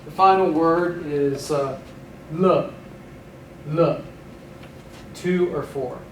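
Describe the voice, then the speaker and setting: Slow, patient male teacher in an echoey room. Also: on the high side. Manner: slow, patient, repeats each word with pauses. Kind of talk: vocabulary lesson with repeat-after-me drills. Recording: echoey room, voice a bit far from mic, faint hiss.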